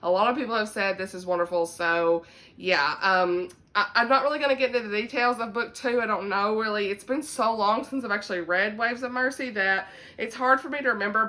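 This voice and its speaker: A woman's voice: medium pitch, sharp tone. A young woman with a Southern US accent chatting casually to camera about books, laughing often and saying "y'all.". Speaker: book vlogger.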